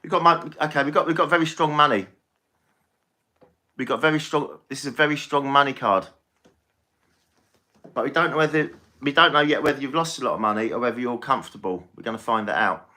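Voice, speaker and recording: A man's voice: medium pitch, fairly quick, pauses often, sharp tone. A man giving a live-stream tarot reading, chatty and reassuring, often repeating himself. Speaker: tarot reader.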